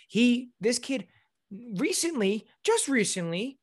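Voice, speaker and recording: Animated, profane young man telling a story. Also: high voice, a little fast, no echo, clean studio sound. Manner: animated, profane, acts out quotes. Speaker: podcast co-host. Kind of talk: casual chat, storytelling.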